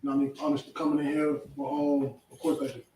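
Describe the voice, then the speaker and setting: A man in the class talks in hesitant bits, full of "like" and "you know". His voice sits a little high and comes from a distance. There is a roomy echo and a faint background hiss. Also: little pitch movement, rapid-fire, mellow. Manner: hesitant, lots of fillers. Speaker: class member.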